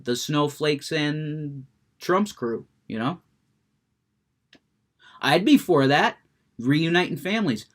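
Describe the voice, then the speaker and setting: A man's voice: fairly high pitch, fairly bright tone. A man ranting with heavy cursing, getting worked up, then chatting about a video game he is playing. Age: adult, smoker. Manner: profane, ranting, gets worked up, curses a lot. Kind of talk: unfiltered rant and gameplay chat.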